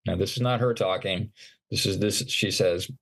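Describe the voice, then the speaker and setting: A man's voice: fairly low pitch, normal speed, fairly bright tone. A middle-aged man, a podcast guest, earnestly telling his personal story in an interview, often restarting his sentences. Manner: earnest, retelling events with acted-out dialogue and frequent restarts. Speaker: podcast guest, motivational speaker.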